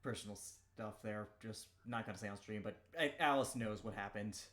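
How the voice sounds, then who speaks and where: A man's voice: fairly low pitch, normal speed, a bit bright, reverberant, slight background noise. A man chatting casually on a stream, gushing about his friends and swearing freely.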